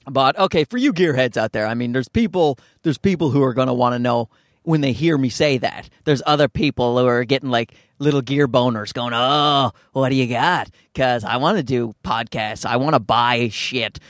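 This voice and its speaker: A man's voice: mid-range voice, moderate pace, no echo, clean studio sound. A man from Newfoundland, Canada with a Newfoundland accent, a stand-up comedian rambling through a self-deprecating podcast monologue, swearing freely and mimicking people. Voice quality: nasal. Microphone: podcast microphone.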